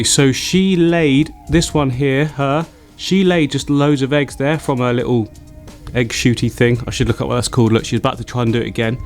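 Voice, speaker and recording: A man vlogging about his aquarium, excitable and chatty, laughing often between remarks. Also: medium pitch. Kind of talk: excited casual vlog narration.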